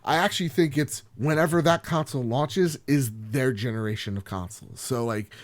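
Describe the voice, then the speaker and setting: A man hosting a gaming podcast alone, joking and rambling as he swings from loud outbursts to quiet asides. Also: medium pitch, normal speed. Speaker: podcast host. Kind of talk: solo podcast chat.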